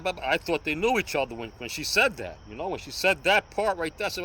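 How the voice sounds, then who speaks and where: A man's voice: fairly high pitch, expressive, normal speed, hardly any pauses, bright, forceful tone, a little hiss or hum, rough recording. An older man, telling a story in casual street talk and punctuating it with sound effects. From New York. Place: outdoors on a city street.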